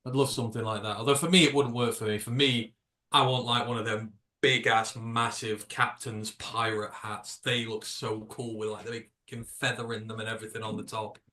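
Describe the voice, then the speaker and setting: A man's voice: fairly low pitch, flat delivery, fairly quick, pushed and bright. Chatty British man hosting a stream. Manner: rambling, jokey, swears casually. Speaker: livestream host. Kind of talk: casual live reaction chat.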